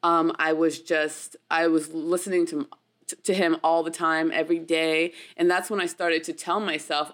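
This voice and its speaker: A chatty American actress tells her story in a relaxed interview. Her voice sits a bit low, and she breaks into laughter often and leans on fillers as she talks. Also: moderate pace. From United States.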